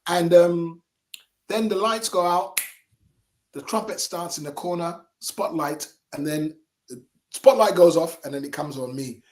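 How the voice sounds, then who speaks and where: Man, middle-aged, radio guest, lively storyteller, slightly raised pitch. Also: measured pace. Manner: animated, lively storytelling with chuckles. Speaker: radio guest, singer and entertainer. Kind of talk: casual interview storytelling. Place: radio studio.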